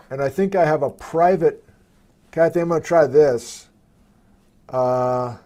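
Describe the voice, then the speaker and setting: A man hosting a live question-and-answer stream from his desktop computer, chatting casually and thinking aloud as he works the software. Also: mid-range voice.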